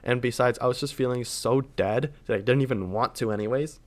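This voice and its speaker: A man's voice: medium pitch, brisk. A young man casually telling a storytime anecdote, rambling and leaning on filler words.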